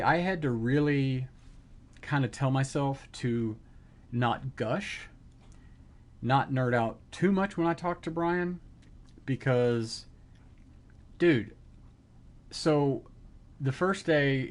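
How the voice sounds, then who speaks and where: A middle-aged man streaming live, telling an excited story in casual chat and acting out the quotes. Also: mid-range voice.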